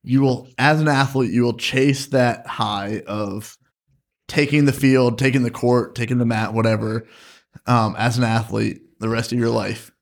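A man's voice: mid-range voice, fairly even intonation, unhurried, creaky. A man, a coach, asking questions earnestly in a casual podcast chat.

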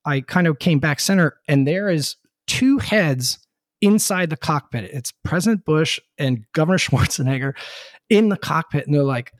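Animated man telling a story, dry sound. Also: fairly high pitch, moderate pace, no echo. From Connecticut, USA. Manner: animated, laughs often, many restarts. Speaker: podcast guest, former presidential helicopter pilot. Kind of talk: casual storytelling chat.

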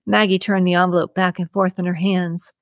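A woman hosting a podcast, reading a suspense novel aloud in an even, measured way with slight shifts for characters. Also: on the low side, no room sound, studio quality. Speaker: podcast host and audiobook reader. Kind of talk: scripted audiobook narration.

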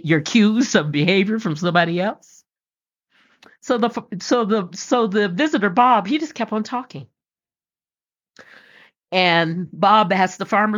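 A middle-aged woman hosting a podcast, telling homespun stories and jokes in a casual, folksy way and laughing often. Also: mid-range voice. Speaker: podcast host. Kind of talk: casual storytelling monologue. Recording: dull lo-fi recording.

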